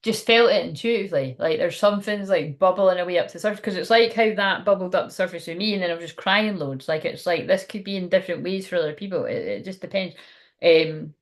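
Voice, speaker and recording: A woman's voice: fairly low pitch, quick pace. A young woman giving a casual, frank tarot reading on a livestream, laughing often and swearing now and then. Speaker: tarot card reader.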